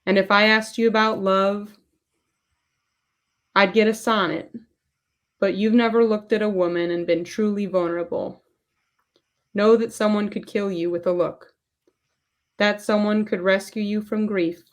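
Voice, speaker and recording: A woman's voice: medium pitch, fairly even intonation, measured pace, pauses often, lightly acted. A woman voicing a middle-aged male therapist, reading a long monologue off her phone and stumbling on a few words. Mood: earnest.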